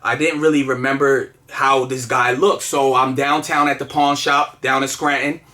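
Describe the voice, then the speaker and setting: A man's voice: mid-range voice, little pitch movement, normal speed, sharp tone. A man telling a personal story in casual, earnest conversation, with lots of fillers and restarts. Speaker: guest telling his story.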